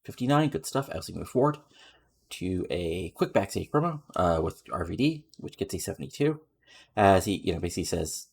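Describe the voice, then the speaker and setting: Deep raspy guy talking thru his game, lots of um and like. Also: big pitch swings, a little fast, a little mellow. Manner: rambling, filler-heavy. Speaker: let's play commentator. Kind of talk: casual gameplay commentary.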